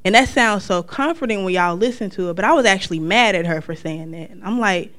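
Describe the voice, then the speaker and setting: Smooth-voiced woman telling her story. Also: medium pitch, fairly quick, few pauses. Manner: lively storyteller who acts out the lines of the people in her story. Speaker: speaker sharing a personal testimony. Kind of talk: personal storytelling.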